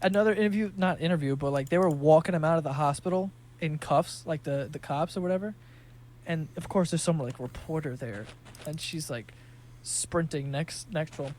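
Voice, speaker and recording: A young New York City man streams a game, chatting casually and telling animated stories full of swearing and laughter. He speaks at a moderate pace in a voice on the high side.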